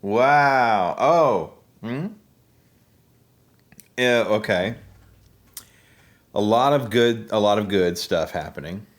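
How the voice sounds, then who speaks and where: Low-voiced man rambling through a taste test. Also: animated. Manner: rambling, joking, halting with fillers. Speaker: musician reviewing drinks. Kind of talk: casual taste-test commentary.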